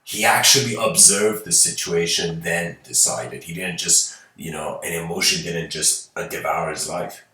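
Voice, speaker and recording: A man's voice: low voice, normal speed, few pauses, bright, forceful tone. Rambling male lecturer in a roomy hall. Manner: loose and rambling, heavy on fillers, chuckles. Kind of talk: casual storytelling lecture. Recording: roomy, from a distant mic.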